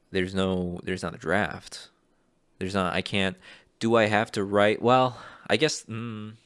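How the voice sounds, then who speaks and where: Gravelly-voiced man thinking aloud. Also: low-pitched, dry recording. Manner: unsure and rambling, thinks aloud. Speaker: aspiring voice actor. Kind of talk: casual vlog, reading casting calls aloud.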